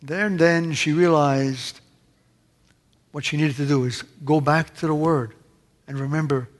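A man preaches in a church with a voice pitched a little high. He leans hard on key words, then drops to near-hushed asides. His voice rings out with a long hall echo. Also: fairly even intonation, measured pace, pauses often. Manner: emphatic, swings between loud stresses and hushed asides. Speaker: pastor. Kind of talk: sermon.

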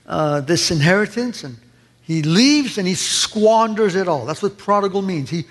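A man's voice: high voice, lively intonation, normal speed, in a large hall. A man preaching a sermon with passion, acting out the voices he quotes. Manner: impassioned, acts out quoted voices.

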